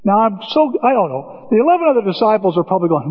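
A man preaching a sermon as a pastor, telling stories with animated delivery. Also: high voice, fast, hardly any pauses, breathy edge. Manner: animated storytelling, acts out biblical voices. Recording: dull, reverberant church recording.

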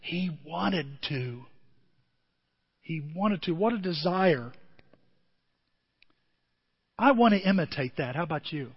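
A man preaching a sermon as pastor, animated, swinging from loud emphasis to quiet asides. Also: on the high side, slow pace, long pauses, slightly rough, big-room sound, muffled recording. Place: church.

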